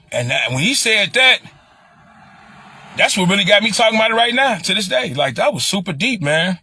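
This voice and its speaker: A middle-aged man from Chicago with a Chicago accent, talking on a livestream in an animated, preachy way and repeating phrases. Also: high voice, fairly quick, slightly rough. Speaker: livestream commentator. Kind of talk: casual livestream talk.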